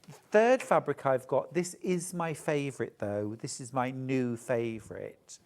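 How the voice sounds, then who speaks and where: A man's voice: mid-range voice, a little slow, a little mellow. A man presenting a live shopping show, chatting and joking as he gushes over fabrics. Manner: chatty, gushing, jokey. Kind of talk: live sales chat.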